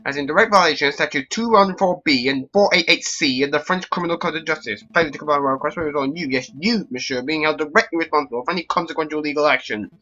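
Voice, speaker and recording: A man's voice: fairly high pitch, fast talker, hardly any pauses, bright, forceful tone, lo-fi sound, faint music behind. A man voicing a confident male falcon defense attorney who speaks in a clipped, firm way, in a game. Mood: stern. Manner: clipped, firm, bluffing legalese.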